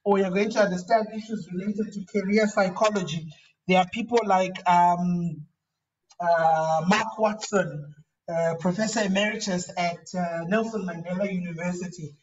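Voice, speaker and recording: Guy professor lecturing, high voice, kinda far off and muffled, lots of restarts. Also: steady tone, moderate pace. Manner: conversational, repeats words and restarts often. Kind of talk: lecture on academic writing. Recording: dull, distant lo-fi recording.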